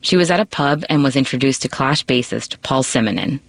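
A woman reporter narrating a scripted radio news feature in a measured, storytelling way. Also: a bass voice, lively intonation, slightly rough, dry recording.

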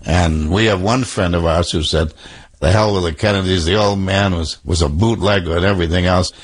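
A man's voice: low voice, steady tone, brisk. An older man with a Boston accent telling a folksy story in an archival interview. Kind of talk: storytelling reminiscence.

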